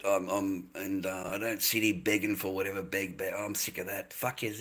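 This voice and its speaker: An older man chats to his livestream audience, rambling and circling back on his own words. His voice is husky, and he drifts between loud bursts and low mutters. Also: fairly quick, hardly any pauses. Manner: rambling, repeats himself, calls viewers mate and boys.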